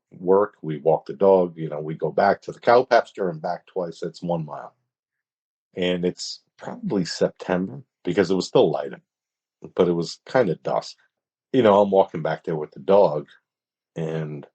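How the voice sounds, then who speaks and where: A man, a podcast guest, tells a story in a casual, halting way, often restarting his sentences. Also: low voice, a little mellow, slightly rough. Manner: hesitant, halting, with many restarts.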